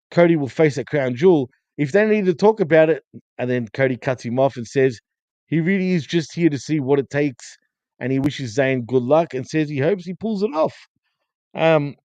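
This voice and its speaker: A man co-hosting a casual wrestling review show, retelling events in steady, running detail. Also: fairly high pitch, no echo. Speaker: co-host.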